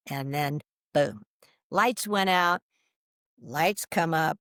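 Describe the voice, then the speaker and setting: An older woman recounts a personal story as an interview guest, her voice sitting a little low for a woman. She tells it in a lively, animated way, jumping up in pitch when she acts out what others said. The sound is close and dry, with no room around it. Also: unhurried, dry recording.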